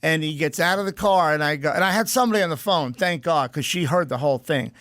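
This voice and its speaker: A man's voice: on the high side, fast, a bit bright, no echo, clean studio sound. A male podcast guest telling a brash, profane story in casual chat.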